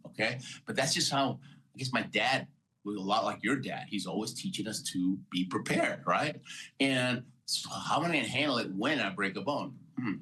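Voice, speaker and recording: An Olympic athlete in his sixties from Houston, Texas, tells his story as an interview guest in a bright, forceful, medium-pitched voice. Energetic and motivational, he laughs often and acts out the voices of people he met. The recording is rough.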